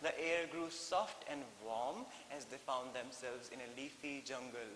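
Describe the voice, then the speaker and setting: An Indian man teaching an English lesson in a classroom, explaining slowly and repeating phrases with frequent "okay?" checks. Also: medium pitch, a bit bright. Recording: echoey hall with faint hiss.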